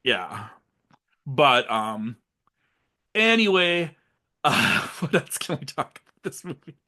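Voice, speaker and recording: A man's voice: medium pitch, sing-song, takes it slowly, pushed and bright. A man co-hosting a podcast, casually recapping a horror film and acting out its lines in funny voices. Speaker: podcast co-host.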